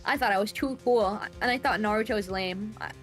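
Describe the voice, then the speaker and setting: A young woman chatting casually and playfully while streaming a game, laughing often. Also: fairly quick. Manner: playful, laughs often, bursts into high squeals. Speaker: VTuber streamer. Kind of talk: casual game livestream commentary. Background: faint background music.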